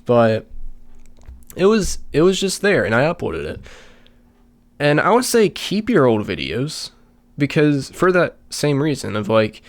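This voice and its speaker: A man hosting a casual solo podcast, tired and out of breath, rambling with many fillers and restarts. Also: medium pitch. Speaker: podcast host.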